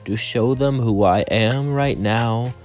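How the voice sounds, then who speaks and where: A man's voice: medium pitch, slow, a little mellow, faint music behind, natural voice. A man voicing a brash, arrogant fallen first man in a home-made fan story. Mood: earnest.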